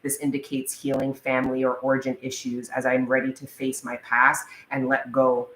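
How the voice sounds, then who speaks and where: A woman giving a casual tarot reading in a chatty manner, swearing freely and reading the card text slowly. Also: extremely low pitch, completely flat delivery. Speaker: tarot reader. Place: indoors, room with a live wasp. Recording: echoey room, faint background noise.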